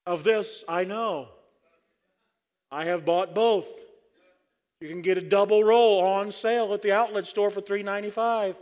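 A man's voice: high voice, steady tone, measured pace, long pauses, darkish tone. A man preaching a sermon at a conference, fervent and dry-humored. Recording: long hall reverb.

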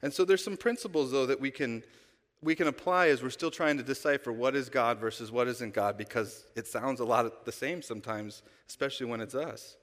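This pastor speaks a little fast, with a medium pitch and a fairly bright tone. He's giving a conversational sermon in a church sanctuary and keeps putting rhetorical questions to his congregation, all captured with long church-hall reverb.

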